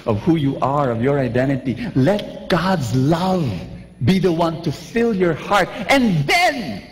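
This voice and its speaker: A man in his forties preaching a lively sermon, asking his listeners questions and acting out scenes. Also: a little high, a little slow. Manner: lively, asks the crowd questions, acts out scenes. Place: large church. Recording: long church reverb.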